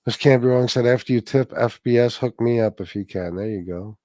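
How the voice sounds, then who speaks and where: A man's voice: medium pitch, a little fast, dark tone, dry recording, clean studio sound. A man hosting a casual livestream, chatting loosely and profanely with viewers and reading their donations, with many restarts. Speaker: livestream host.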